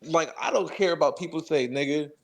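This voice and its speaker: A man's voice: fairly high pitch, fairly quick, vocal fry. A man speaking bluntly and profanely as a friend on a call. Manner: blunt, profane, laid-back.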